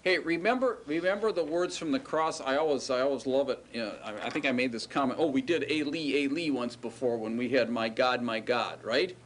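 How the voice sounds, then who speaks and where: A man's voice: mid-range voice, fairly quick, few pauses, slight background noise. A middle-aged man teaching a classroom lecture, explaining patiently step by step and checking that his students follow. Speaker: Hebrew teacher.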